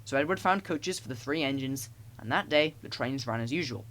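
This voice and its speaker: A man narrating children's stories as an audiobook, in an expressive storytelling way. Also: medium pitch, brisk.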